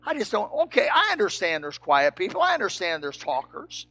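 Older male preacher, high and raspy, loud bursts dropping to near-murmurs. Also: wildly swooping pitch, a little fast, faint music behind. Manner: swings from shouting to soft and low. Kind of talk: sermon.

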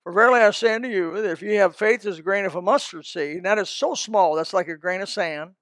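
A man with a high voice preaches a sermon in a folksy, rambling way. He drifts into asides and restarts his sentences. The sound is dry and close. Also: fast, fairly bright tone, dry recording. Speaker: pastor.

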